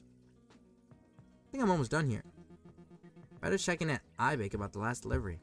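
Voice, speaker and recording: A man's voice: medium pitch, big pitch swings, moderate pace, vocal fry, pauses often, faint music behind. A man streaming a game live, mumbling asides and reading dialogue aloud. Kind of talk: live gameplay commentary.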